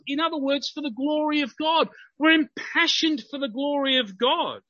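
A man's voice: extremely high pitch, expressive, moderate pace, few pauses, sharp tone, dull audio. A man preaching a sermon, explaining a Bible passage in an earnest, emphatic way. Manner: earnest, grows emphatic when quoting.

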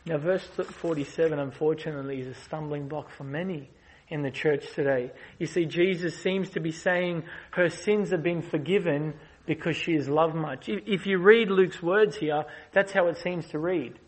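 A guest preacher with a slightly high voice delivers a sermon, building to loud, passionate peaks before dropping into soft, slow explanation. His delivery stays earnest and driving, though the recording is low quality.

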